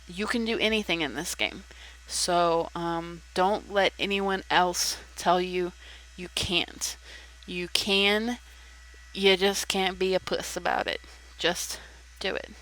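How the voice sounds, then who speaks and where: A woman's voice: lowish voice, slow pace, fairly bright tone, a little hiss or hum, rough recording. A young woman talking casually to her viewers, frank and chatty, with lots of ums and the odd swear word. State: hiccuping. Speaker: video creator. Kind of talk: casual chat.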